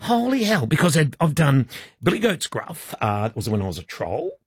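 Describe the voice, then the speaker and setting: Brief: male radio host, husky, clowning banter, bone-dry booth. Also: medium pitch, big pitch swings, moderate pace, no echo. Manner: jokey, laughing, mock French accent bits. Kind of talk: comedic breakfast radio banter.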